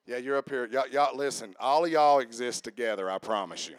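A man preaching a sermon as pastor, lively and interactive, calling on his congregation to answer and come up front. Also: medium pitch, brisk, no room sound, studio quality. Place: church.

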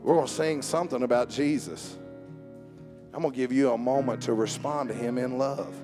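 A man preaching a sermon. He jokes with the congregation and swings from soft asides to raised calls. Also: medium pitch, steady tone, moderate pace, soft background music. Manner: joking with the congregation. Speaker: pastor. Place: church service with instrument behind.

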